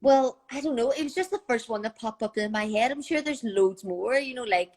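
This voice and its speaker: A woman's voice: on the high side, fairly quick, a little mellow. A young woman with a Northern Irish accent, chatting casually as a guest on a live video call from home, with lots of fillers. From Northern Ireland.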